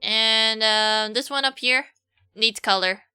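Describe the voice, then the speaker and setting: Young woman streaming while she draws, rambly and jokey, really bright voice, a bit high, faint music behind. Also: clean tone. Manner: rambling, self-mocking, quick asides. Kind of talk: casual livestream chat while drawing.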